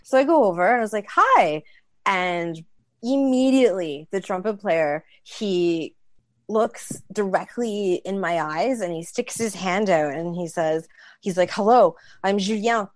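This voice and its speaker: A woman in her thirties telling a casual, animated story, acting out the lines of others. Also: on the low side, a little slow, no echo. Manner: animated, acts out dialogue. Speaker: storyteller guest.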